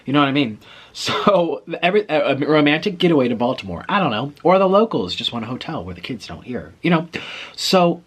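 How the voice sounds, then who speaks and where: Husky man telling an animated story. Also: a little high, brisk. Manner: animated storyteller who acts out other people's lines. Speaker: vlogger. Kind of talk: storytelling vlog.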